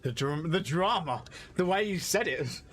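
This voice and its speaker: A man's voice: fairly high pitch, lively intonation, moderate pace, a bit bright, faint music behind. A man chatting casually as he comments on gameplay, with laughing asides. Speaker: streamer.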